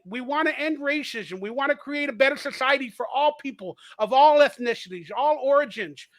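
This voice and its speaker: High, bright-voiced man ranting emphatically. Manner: rambling, emphatic, argumentative. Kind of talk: casual podcast conversation.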